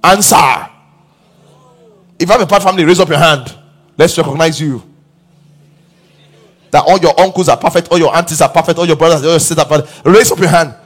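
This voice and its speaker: A man preaching a sermon, asking the congregation questions and building to emphatic shouts. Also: on the high side, steady tone, fast talker, pauses often. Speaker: pastor.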